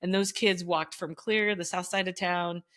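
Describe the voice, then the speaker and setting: A middle-aged woman, a former teacher, telling stories as a podcast guest in an animated way, leaping up in pitch whenever she quotes someone. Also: normal speed. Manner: animated, jumps high in pitch when quoting others. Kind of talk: casual storytelling conversation.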